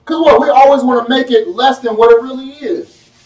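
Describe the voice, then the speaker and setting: A man preaching a sermon in a folksy, animated way, firing off rhetorical questions at his congregation. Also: very high-pitched, fairly quick, muffled recording. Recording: echoey room, mic at a distance.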